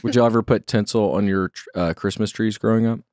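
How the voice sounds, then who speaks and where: A man's voice: lowish voice, steady tone, fairly quick, a little mellow, no room sound, studio quality. A man hosting a podcast, chatting casually, joking and asking lots of questions. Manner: jokey, laughs often, asks lots of questions. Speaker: podcast host. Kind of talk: casual chat.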